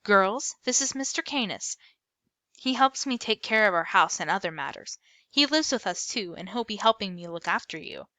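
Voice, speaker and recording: A woman's voice: mid-range voice, expressive, moderate pace, bright, forceful tone, dry recording. A woman voicing an effusive, affectionate old grandmother with a German accent in a storybook reading. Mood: warm. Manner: effusive, exclaiming.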